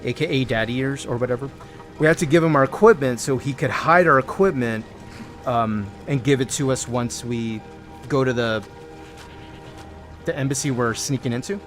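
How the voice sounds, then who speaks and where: Playful male streamer chatting through a game, mid-range voice, faint music behind. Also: mid-range voice. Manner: playful, joking, rambling with quick tangents. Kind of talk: casual live-stream chat while gaming.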